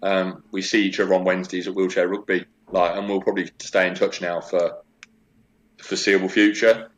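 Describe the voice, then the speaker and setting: Brief: man in his forties, low voice, chatty and animated storyteller, casual interview guest. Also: brisk, highs cut off.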